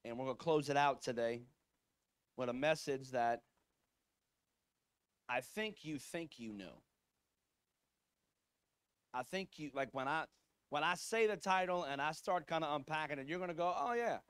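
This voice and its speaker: Conversational pastor preaching, dry sound. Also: male voice, on the high side, unhurried, long pauses, a bit bright, clear, resonant tone, no room sound. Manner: conversational storytelling, fillers like "like" and "right?". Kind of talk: sermon.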